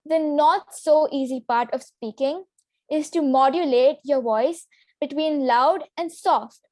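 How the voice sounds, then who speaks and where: Young woman, high voice, dry close sound, clear instructive delivery, public speaking lesson. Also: slow, a little mellow, dry recording. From Singapore. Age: teenager. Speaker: student workshop presenter.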